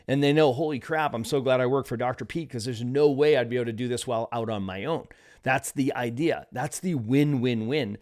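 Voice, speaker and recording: A middle-aged man co-hosting a podcast, coaching business owners in lively talk, often tagging "right?" and laughing. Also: mid-range voice.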